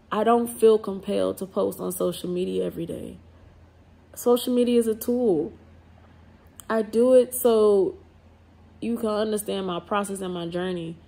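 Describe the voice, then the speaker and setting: A woman, speaking to camera in a blunt, emphatic vlog rant. Her voice has a gravelly edge and a husky grain. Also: medium pitch, unhurried, pauses often, warm tone. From New Orleans. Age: 30s. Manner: blunt and emphatic, with swearing and slang. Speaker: vlogger.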